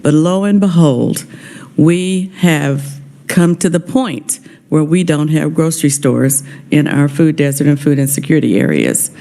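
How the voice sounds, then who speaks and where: A woman speaks with heartfelt gratitude in a legislative hearing room, her voice mellow and warm. She talks as an honoree at the committee and sounds a little emotional. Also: deep voice, unhurried, creaky. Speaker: honoree testifying.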